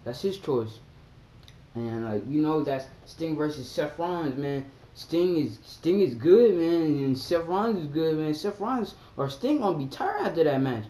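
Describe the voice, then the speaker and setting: A young man chatting casually about wrestling on his vlog, excitable and acting out his reactions with sudden high yelps. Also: normal speed. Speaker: vlogger. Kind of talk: casual wrestling chat to camera. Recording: echoey room with faint background hum.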